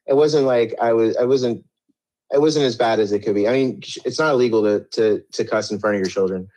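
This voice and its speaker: A man's voice: medium pitch, darkish tone, dull audio. A middle-aged man telling his story in an interview, rambling with many restarts and a defensive edge.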